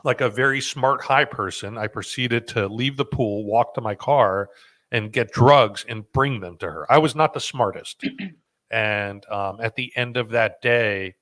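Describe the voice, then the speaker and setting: A man's voice: lowish voice, fairly bright tone. A man hosting a podcast, chatting casually and telling a rambling story with many fillers and restarts. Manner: rambling with fillers and restarts, self-deprecating laughs. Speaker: podcast host.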